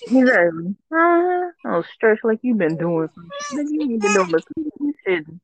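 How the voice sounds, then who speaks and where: A woman's voice: on the high side, sing-song, moderate pace, rough recording. Blunt, profane woman podcast co-host. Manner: blunt, profane, mock-threatening. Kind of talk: casual chat.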